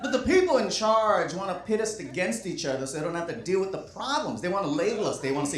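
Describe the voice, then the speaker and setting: A man with a high, very animated voice doing stand-up on a club stage, sarcastic and punchy in his delivery. His voice rings in an echoey room, and loud audience laughter rolls in behind him. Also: quick pace, few pauses, crowd noise. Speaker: stand-up comedian. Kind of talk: stand-up comedy set.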